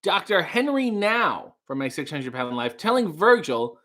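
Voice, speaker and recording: A man hosting a casual comedy livestream, reading viewer comments aloud with excitable, rambling asides. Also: a little high, unhurried.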